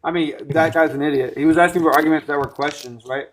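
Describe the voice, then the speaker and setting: A young man in casual chat, asking quick questions and laughing easily. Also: fairly high pitch, fairly even intonation, a little hiss or hum, rough recording.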